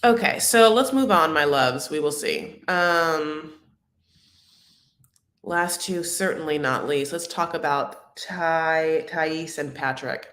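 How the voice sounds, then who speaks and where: A woman with a low, deep-set voice runs a live reality TV recap. She talks in a campy, gossipy way, rambling through "likes" and restarts and calling her viewers honey. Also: slow, a bit bright. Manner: chatty and campy, calls viewers honey and my loves.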